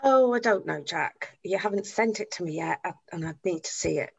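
An actress playing a funeral celebrant who is polite, patient and well-spoken. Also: female voice, lowish voice, brisk, gravelly, slightly rough, highs cut off. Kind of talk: comedy series acting on a video call.

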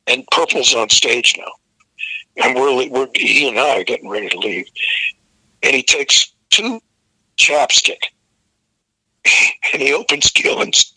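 An older man, a rock singer, telling a profane, animated story as a guest in a casual interview. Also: mid-range voice, dry recording, poor audio.

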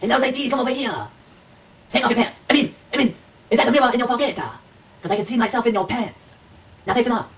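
A woman's voice: a little high, expressive, quick pace, pauses often. A woman voicing a boastful, crude male Frenchman in a silly mock French accent for a homemade comedy sketch, recorded on a distant home camera with background noise.

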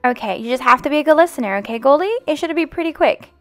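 A woman hosting a family game roleplay as the mom, gentle and motherly in a singsong way. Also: high-pitched, lively intonation, fast, soft background music. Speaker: channel host roleplaying the mom.

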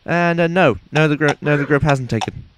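A man playing a pompous, excitable sports announcer in mock commentary over a video game, with formal announcer phrasing, recorded on a noisy home mic. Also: very high voice, fast talker, voice pushed up, full character voice. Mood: excited commentary. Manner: formal announcer phrasing, shouts at near misses.

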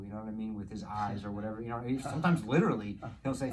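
A man's voice: medium pitch, fairly even intonation, fast talker, hardly any pauses, a little mellow, low-quality recording. A man in his forties from New Jersey, a podcast guest speaking in candid, casual chat, frank and profane, flaring up when he vents. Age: 40s.

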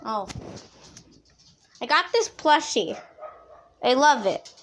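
A woman's voice: high voice, animated, takes it slowly, a bit bright, a little hiss or hum. A young woman vlogging at her grandmother's home, talking to the dogs in a fond, baby-talk way. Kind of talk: casual vlog talking to pets.

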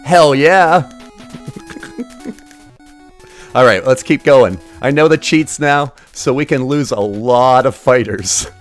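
A man's voice: medium pitch, slow, pauses often, faint music behind. A man streaming retro games, giving casual live commentary in a crude, sarcastic, joking way. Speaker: game streamer.

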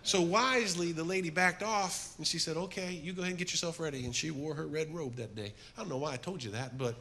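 A middle-aged man preaching a sermon to a men's group, telling stories with energy and then dropping to a soft, earnest appeal. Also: a little high, quick pace. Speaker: men's ministry speaker.

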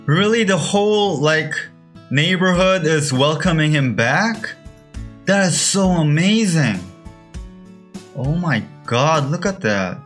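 A man's voice: on the high side, expressive, slow, a bit bright, faint music behind. A young man from Korea, reacting on video with emotional exclamations and gasps. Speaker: YouTube reactor.

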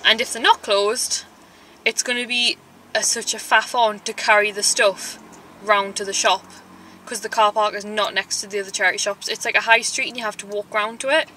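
A woman's voice: medium pitch, fairly even intonation, moderate pace, sharp tone, slight background noise, rough recording. A young woman chatting casually in a vlog, ranting in an exasperated way and saying "like" often. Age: young adult. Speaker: vlogger.

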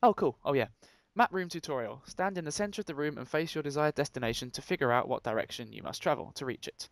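A man's voice: fairly high pitch, expressive, quick pace, no echo. A young man co-hosting a Let's Play, reading in-game signs aloud and bantering casually. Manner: joking, reads in-game text aloud. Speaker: gaming co-host.

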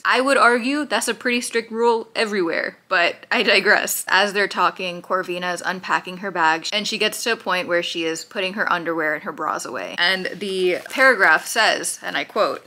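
Woman, book reviewer, sarcastic, casual vlog chatter, mid-pitched voice. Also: normal speed, bright, forceful tone. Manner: sarcastic, snarky. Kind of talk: casual reading vlog commentary. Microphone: handheld camera.

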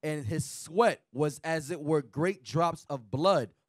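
A man reading scripture aloud in a Bible class at a measured pace, with the odd stumble. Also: on the high side, dry recording, studio quality.

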